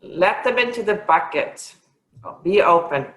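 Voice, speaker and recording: A woman's voice: medium pitch, lively intonation, measured pace, a bit bright, reverberant, low-quality recording. A woman hosting a casual interview, asking questions and reacting with enthusiasm. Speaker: interview host.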